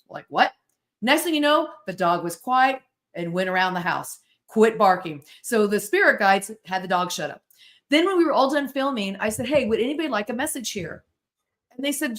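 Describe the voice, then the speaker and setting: A middle-aged woman from the United States, a podcast guest telling stories in an animated, self-interrupting way. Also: medium pitch, a little fast. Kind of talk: casual storytelling interview.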